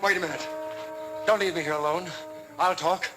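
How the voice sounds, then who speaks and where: An actor playing a cowardly, frightened hired thug who pleads and panics, in 1940s film serial acting, with music from an old film soundtrack behind him. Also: male voice, sits high, fairly even intonation, normal speed, natural voice. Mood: panicky.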